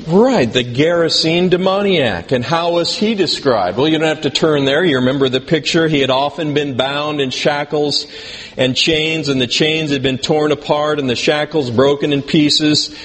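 A man's voice: a little high, normal speed, a bit bright. Man preaching in a reverberant hall. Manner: conversational, asks the congregation questions; dry self-deprecating humor. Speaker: pastor. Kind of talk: sermon. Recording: long reverb in a hall, faint background noise.

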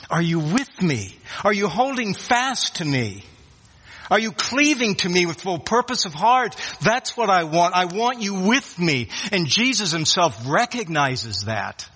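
A man preaching a sermon, earnest and emphatic, dropping from loud declarations to hushed tones. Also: on the high side, breathy edge. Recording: long hall reverb.

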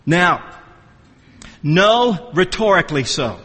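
Guy preaching a sermon, high bright voice, keeps repeating himself for stress, echoey hall. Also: big pitch swings, slow, slightly rough. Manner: emphatic, repeats phrases for stress; restarts sentences mid-thought. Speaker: pastor. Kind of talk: expository sermon.

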